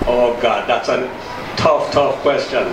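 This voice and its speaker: A man from Jamaica who owns a restaurant, answering interview questions in a friendly, relaxed way. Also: medium pitch, measured pace. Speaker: restaurant owner. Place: his restaurant. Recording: roomy, distant and noisy restaurant audio.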